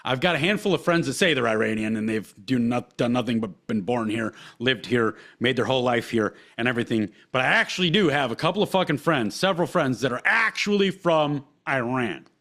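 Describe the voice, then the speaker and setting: A man's voice: mid-range voice, expressive, fairly quick, hardly any pauses, fairly bright tone. A man hosting a podcast, ranting solo with heated, profane emphasis and repeated phrases. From United States. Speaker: podcast host. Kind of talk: impassioned solo podcast rant.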